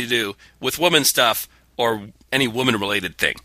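A podcast co-host reads listener mail aloud, chatting casually with a sarcastic, mock-indignant comedic edge. His mid-range voice sounds pushed and bright, at a moderate pace, in a dry recording.

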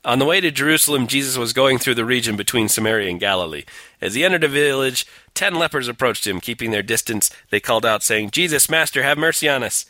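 A man's voice: mid-range voice, fast, pushed and bright, no room sound. A man co-hosting a casual talk show, sardonic and profane, reading scripture aloud in mock-dramatic tones. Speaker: podcast co-host.

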